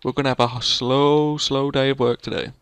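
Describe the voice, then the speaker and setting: Brief: male gamer, mid-pitch, rambling and playful, dry close sound. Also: fairly even intonation, moderate pace, clear, resonant tone, dry recording. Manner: rambling, playful, teasing his co-player. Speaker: let's play gamer. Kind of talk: casual gameplay commentary.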